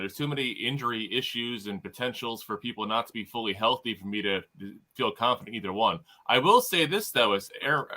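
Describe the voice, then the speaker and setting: A male panelist offers cautious, slightly sardonic takes on the games. His voice is at an ordinary middle pitch. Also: bright, forceful tone, low-quality recording. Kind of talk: sports betting talk show.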